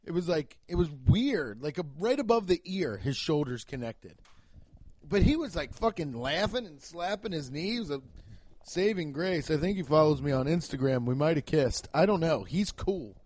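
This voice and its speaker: A young man talks his way through a casual comedy podcast monologue, swearing freely and rambling from one story to the next. His voice sits fairly high for a man, and it jumps up suddenly whenever he acts out a punchline. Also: expressive, normal speed, a little mellow. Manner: profane, jokey storytelling with abrupt pitch jumps.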